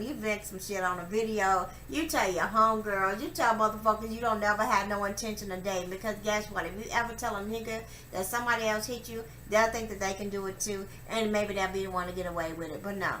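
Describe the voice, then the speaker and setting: A young woman telling a personal story to camera, profane and emphatic, acting out her quotes loudly. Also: mid-range voice. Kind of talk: candid storytelling monologue. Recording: echoey room with faint ambient noise.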